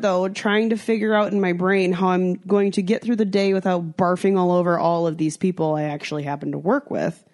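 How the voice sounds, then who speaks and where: A young American woman chatting on a podcast, telling a story and acting out what people said. She swears freely, and her pitch leaps up whenever she quotes someone. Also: a little mellow. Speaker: podcast co-host. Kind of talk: casual chat.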